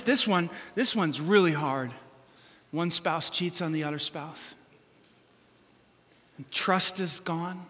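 A man preaching a sermon as pastor, animated and humorous, acting out quotes from everyday life. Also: high-pitched, big-room sound.

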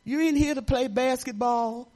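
Older woman, church speaker, fervent testimony, repetitive, rising into shouts. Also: sits high, normal speed. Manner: fervent, repetitive, breaks into laughter and sudden shouts. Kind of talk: preaching testimony.

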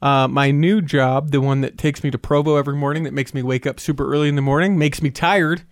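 A man's voice: a little high, fairly even intonation, quick pace, dry recording. A man hosting a podcast in a home studio, chatting and teasing his co-host while a sore tongue affects his speech. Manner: teasing, rambling. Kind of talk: casual podcast chat.

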